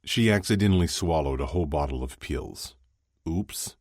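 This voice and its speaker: A man's voice: a bass voice, expressive, moderate pace, a little mellow, no room sound, exaggerated voice. A man doing Ilya, a dry, sardonic hockey player. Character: young male Russian hockey player, wry and guarded.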